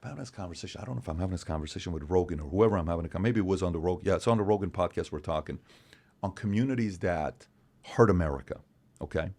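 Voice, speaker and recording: A man from Iran, a podcast guest in casual conversation, talking in an animated, emphatic way. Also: sits low, very fast. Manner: animated, emphatic, acts out other people's voices.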